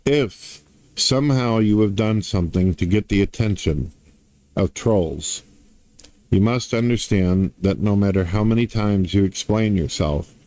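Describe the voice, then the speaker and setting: A middle-aged man delivers a profane, swaggering rant straight to his viewers. His voice sits low with a dark, mellow timbre. The sound is close and dry, with no room around it. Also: no echo. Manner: crude, blunt, swaggering, lots of swearing. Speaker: online commentator.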